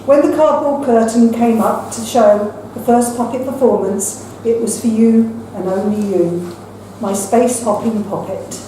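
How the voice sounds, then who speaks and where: An older woman reading her own poems at an open mic in a measured, recited way, with brief chatty asides between them. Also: on the high side, dark tone, slight background noise. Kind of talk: poetry reading. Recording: echoey room from far off with faint ambience.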